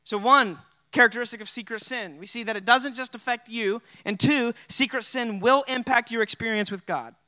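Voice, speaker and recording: High, bright-voiced male pastor. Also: normal speed, dry recording. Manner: casual and conversational, with many "like" and "you know" fillers. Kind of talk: sermon.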